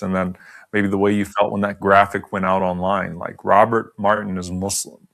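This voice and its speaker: A man hosting an interview, asking questions and reflecting in a measured, thoughtful way. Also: low-pitched, flat delivery, gravelly, a bit bright. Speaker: podcast host. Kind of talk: conversational interview.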